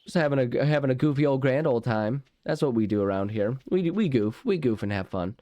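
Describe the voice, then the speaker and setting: A man's voice: mid-range voice, fairly quick, dark tone, no room sound. A man hosting a casual gaming video, rambling and goofy as he plays and interrupts himself often. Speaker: gaming channel host. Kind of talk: casual let's play commentary. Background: game music.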